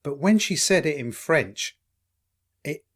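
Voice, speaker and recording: A man talks through a casual podcast episode, animated and quick to laugh. His voice sits a little higher than most men's, and he swears freely. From East London. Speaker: podcast co-host. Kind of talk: casual chat.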